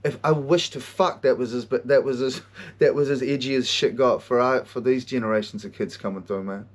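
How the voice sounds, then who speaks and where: A man hosting a podcast, telling stories in an animated way, swearing a lot and often laughing. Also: medium pitch, fairly quick. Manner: animated storytelling, heavy swearing, frequent laughter. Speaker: podcast host and counselor. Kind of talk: casual monologue.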